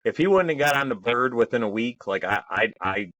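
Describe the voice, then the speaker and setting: A man's voice: medium pitch, lively intonation, brisk, fairly bright tone, dry recording, highs cut off. A man telling army stories in a casual podcast chat, swearing freely and laughing often. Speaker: podcast co-host, army veteran.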